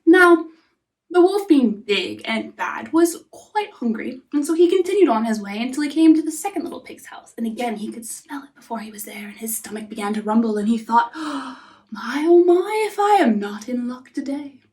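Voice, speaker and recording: A woman narrating a fairy tale softly, often dropping into a whisper. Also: on the high side, lively intonation, far from the mic. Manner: soft, often whispering, unhurried. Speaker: storyteller. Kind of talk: storybook narration.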